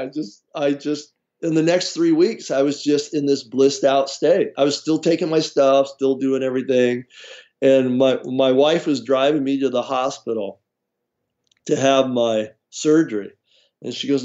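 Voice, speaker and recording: In a muffled recording, a guest herbalist of medium pitch tells an interviewer a personal story at a measured pace. He's an animated storyteller who laughs frequently and imitates the voices of others.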